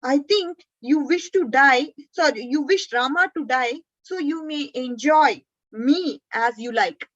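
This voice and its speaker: A woman's voice: sits high, measured pace, fairly bright tone, lo-fi sound. A woman voicing a panicked young princess who pleads breathlessly and urgently, as if she can hardly breathe. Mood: bitter reproach.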